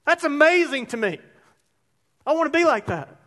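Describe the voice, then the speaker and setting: A man's voice: extremely high pitch, big pitch swings, moderate pace, bright, forceful tone. A male pastor preaching a sermon in a conversational, emphatic way, weaving in personal stories.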